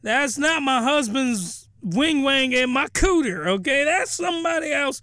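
A man's voice: extremely high pitch, animated, measured pace, pushed and bright, no room sound, studio quality, voice pushed up, heavily acted. A man voicing a sleepy young mother who whines in protest.

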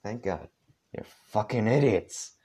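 A man voicing a hot-tempered teenage boy in a rough put-on Southern US accent. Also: on the low side, lively intonation, a little slow, mellow. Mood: furious.

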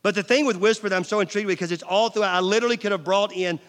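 A middle-aged male pastor preaching a sermon, swinging from loud emphasis to near-whispers and asking the audience questions. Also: sits high, rapid-fire. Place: large church hall. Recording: long church hall reverb.

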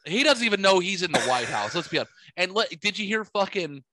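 A man's voice: high voice, big pitch swings, quick pace, sharp tone, no room sound, clean studio sound. A man co-hosting a casual podcast, ranting sarcastically and swearing a lot. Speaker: podcast co-host. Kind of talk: casual profane podcast chat.

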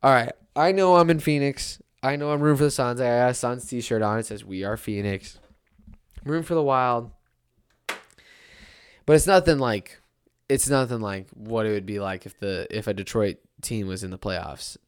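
A man in his twenties giving a casual sports rant, animated and exasperated, with frequent restarts. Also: medium pitch, normal speed, clean tone. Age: 20s. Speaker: sports commentator.

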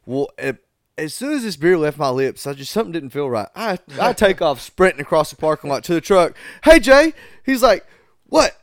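Young male podcast host, casual storyteller, smooth tone, dry close sound. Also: a little high, expressive, fairly quick, dry recording. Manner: profane, laid-back, laughs through stories.

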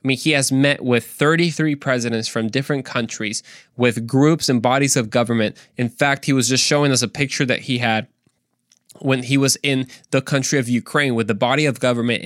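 A man hosting a faith podcast, earnest and animated, repeating points for emphasis and joking in between. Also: medium pitch, no room sound, studio quality. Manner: playful, tries silly accents, earnest preaching. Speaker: podcast host. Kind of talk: casual faith podcast monologue.

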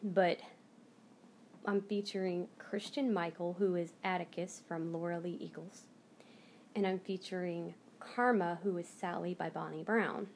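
A woman's voice: lowish voice, steady tone, measured pace, slight background noise. Heartfelt rambling American woman vlogger. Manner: rambling, heartfelt storytelling with restarts. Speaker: channel host, reborn doll collector. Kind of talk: casual chat to camera.

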